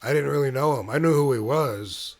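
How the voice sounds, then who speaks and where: A man casually telling a personal story as host of his own channel, in a laid-back way with pauses and fillers. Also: medium pitch, a little mellow.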